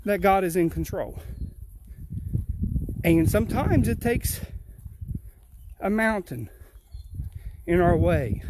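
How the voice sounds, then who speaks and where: Male pastor, high-pitched, earnest repeating cadence, a bit winded on an outdoor walk. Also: a little mellow, slight background noise. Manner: earnest, repetitive preaching cadence. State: slightly out of breath from walking uphill. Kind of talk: outdoor livestream devotion. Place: outdoors on a rural hill.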